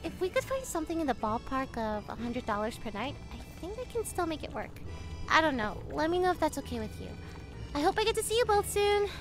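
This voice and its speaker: A high-voiced young woman friend, earnest and apologetic about money and being late. Her lines are game dialogue heard over background music. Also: very animated, a little fast. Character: young adult woman, friend on a tight budget.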